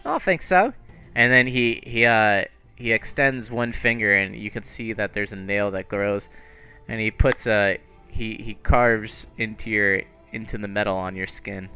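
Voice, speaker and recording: A man running a tabletop game as game master, narrating in a halting way with restarts. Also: fairly low pitch, level tone, pushed and bright, clean tone, soft background music. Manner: halting, with many restarts and fillers.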